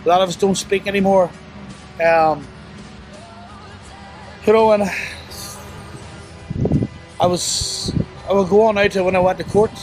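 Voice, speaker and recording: A young man tells a painful story of remorse, his voice sitting fairly high. He stumbles and restarts, leaning on fillers as he goes. Faint music plays under him. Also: fairly even intonation. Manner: halting, full of "you know" and restarts; remorseful, low and subdued. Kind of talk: personal confession interview.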